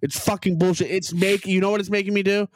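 A man's voice: high-pitched, steady tone, quick pace, slight background noise. A young man co-hosting a podcast, ranting heatedly and animatedly with lots of swearing. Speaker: podcast co-host. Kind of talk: profane comedic rant.

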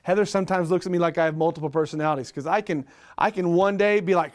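A middle-aged man preaching a sermon, energetic, with rhetorical questions and repeated phrases. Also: high-pitched, quick pace. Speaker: pastor.

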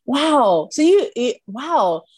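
A woman's voice: high-pitched, big pitch swings, slow, a little mellow, breathy edge. A woman interviewing a guest in casual chat, reacting with frequent amazed exclamations. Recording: dry close sound.

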